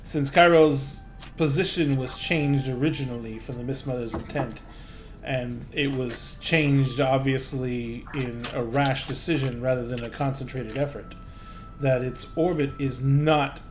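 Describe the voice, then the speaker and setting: A man voicing an older male gnome scholar who speaks slowly and cautiously. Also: medium pitch, fairly even intonation, music in the background, close to an everyday voice. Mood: grave.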